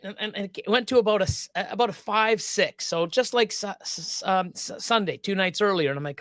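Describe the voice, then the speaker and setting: Man, high-pitched, dry close sound, casual live-stream chat, rambling, profane, lots of restarts. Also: a little fast, fairly bright tone, dry recording.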